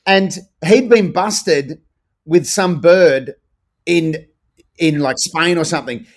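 A man with an Australian accent, a podcast co-host chatting casually and telling animated sports stories. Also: on the high side, slow. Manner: animated storyteller, sings chant snippets. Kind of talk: casual chat.

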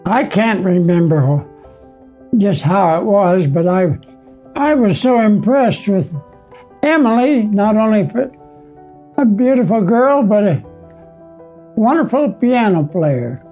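An elderly man speaks in a low, mellow voice at a very slow, unhurried pace. He pauses and restarts as he reflects on his memories. Soft music plays behind him. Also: lively intonation, highs cut off. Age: older. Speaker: nursing home resident. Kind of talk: interview recollection. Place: assisted living center.

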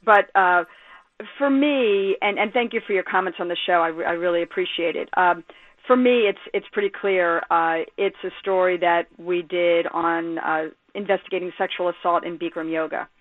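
A woman sports journalist, a guest telling stories on a radio show in an animated, emphatic way. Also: lowish voice, normal speed. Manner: animated storyteller, lively and emphatic. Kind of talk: phone-in radio interview. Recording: tinny phone line.

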